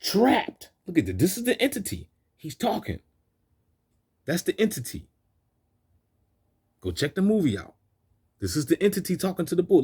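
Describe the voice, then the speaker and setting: A man's voice: high voice, sing-song, normal speed, creaky, darkish tone, husky. A man hosting a video who rants in preachy street slang over film clips, repeating himself and keeping up a string of restarts. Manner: repetitive, stumbling restarts. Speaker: video host.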